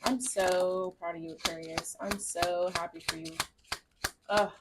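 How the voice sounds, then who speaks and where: A woman's voice: lowish voice, steady tone, measured pace, heavy background noise. A woman giving a casual tarot reading to camera at home, gushing, chatty and encouraging, with the odd swear word. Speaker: tarot reader.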